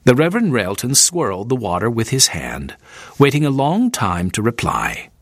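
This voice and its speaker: A man narrating an audiobook in a clear, expressive reading style. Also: mid-range voice, moderate pace, no echo, studio quality.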